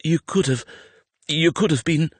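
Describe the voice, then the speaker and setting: A man voicing a frightened young man who shouts and pleads desperately. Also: fairly high pitch, lively intonation, slow, husky, no echo, pitched above the performer's own voice, full character voice. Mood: shaken pleading.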